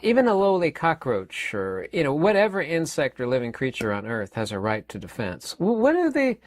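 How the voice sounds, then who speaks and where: A man's voice: mid-range voice, big pitch swings, fairly quick. A man in his fifties giving a rambling, emphatic opinion monologue as a channel host, often repeating words and using fillers. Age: 50s.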